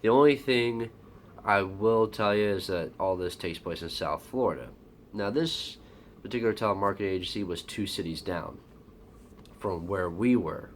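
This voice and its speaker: A man with a very low, deep voice tells a personal story casually. He rambles, swears bluntly and leans on fillers. A faint background hum sits behind him. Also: normal speed. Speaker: vlogger.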